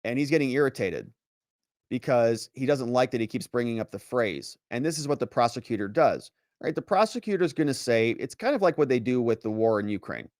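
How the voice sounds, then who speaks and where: Animated man retelling a trial. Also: mid-range voice, brisk, no room sound, clean studio sound. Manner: acts out witnesses and lawyers in quotes; sarcastic asides. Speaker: lawyer and commentator. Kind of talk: recounting trial testimony.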